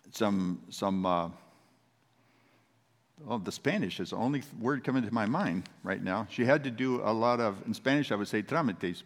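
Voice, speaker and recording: A man's voice: on the low side, long reverb tail. A man, a pastor, preaching a sermon in a conversational, storytelling manner.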